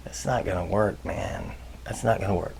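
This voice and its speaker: A man hosting a leadership advice video, talking casually and jokingly, with loud bursts and muttered asides. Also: sits low, moderate pace, gravelly, a little hiss or hum. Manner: chatty, jokey, swings between loud bursts and muttered asides.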